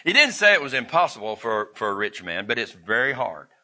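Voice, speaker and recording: A man's voice: mid-range voice, big pitch swings, a little fast, sharp tone. A man preaching a sermon in a folksy way, with restarts and chuckles.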